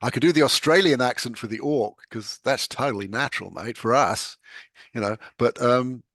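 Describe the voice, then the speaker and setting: Older British man, lively anecdotes. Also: medium pitch, normal speed, dry recording, studio quality. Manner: animated storyteller, laughs often. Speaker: guest novelist. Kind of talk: conversational anecdote.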